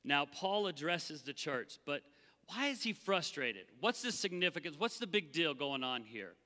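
Man, pastor, animated preaching, bright tone, long reverb. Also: fairly high pitch, moderate pace. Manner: animated, acts out the Bible voices. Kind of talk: sermon. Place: church sanctuary.

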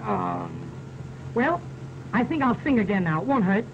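A vaudeville comedian telling jokes in a stage monologue, with hesitant asides between the punchlines. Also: male voice, high voice, expressive, fairly quick, vocal fry, noisy background. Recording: muffled 1920s sound-film recording with music.

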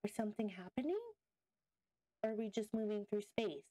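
A chatty woman narrating her own gameplay in a casual let's-play. She thinks aloud and talks to her viewers and the creatures on screen, getting easily excited. Her voice sits at a middle pitch and sounds dry and close. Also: normal speed, no room sound. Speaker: gaming video host.

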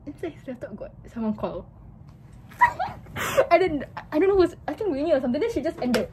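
A young woman chatting casually in a small radio studio, laid-back and quick to laugh. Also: high voice, sing-song, background noise. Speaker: campus radio trainee co-host. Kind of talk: casual chat.

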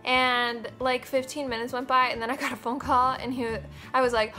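A young woman in her twenties talks to her viewers in a loose, chatty way, scattering fillers and acting out little quoted asides. Her voice sits a little high for a woman, and she swears casually and candidly. Faint music plays softly under her. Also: fairly even intonation, fairly quick, few pauses. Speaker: vlogger. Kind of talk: casual chat.

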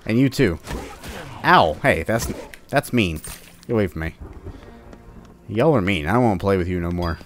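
A man with a fairly low voice talks through his gameplay in a relaxed, offhand way. He cracks jokes and taunts the monsters as he fights them. A little music sits faintly underneath his voice. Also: a little slow, pauses often. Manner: playful, jokingly taunts enemies. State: sore upper back. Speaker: let's-play host. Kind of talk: casual gameplay commentary.

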